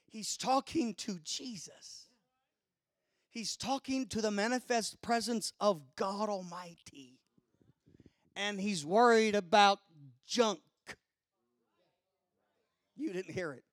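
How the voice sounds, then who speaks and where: A man preaching a sermon. He swings from hushed asides to shouted preaching and keeps crying out hallelujah and glory. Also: high-pitched, takes it slowly, pauses often, dry recording. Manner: exclaims hallelujah and glory often.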